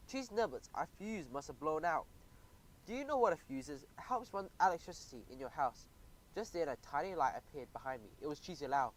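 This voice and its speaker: A man narrating a children's audiobook in the first person, animated and expressive. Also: fairly high pitch, brisk, poor audio.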